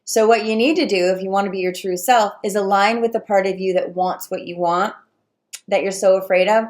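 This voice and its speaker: A woman coaching viewers on relationships in a casual talk, animated and acting out the voices of clients and fears. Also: medium pitch, a little fast. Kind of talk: casual direct-to-camera advice talk.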